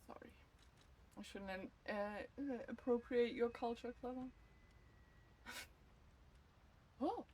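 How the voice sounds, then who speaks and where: A woman's voice: fairly high pitch, slow pace, pauses often, dark tone, slight background noise. A woman streaming a video game, talking casually with lots of profanity and jokes. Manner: profane, joking, blunt. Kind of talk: casual livestream gaming commentary.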